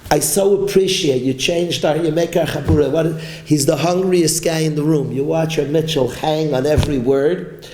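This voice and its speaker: Impassioned high-voiced man teaching in an echoey hall. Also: steady tone, moderate pace, darkish tone. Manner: impassioned, repetitive, mixes Yiddish and Hebrew terms. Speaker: rabbi teaching a class. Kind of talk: Torah class sermon. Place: study hall with a learning group.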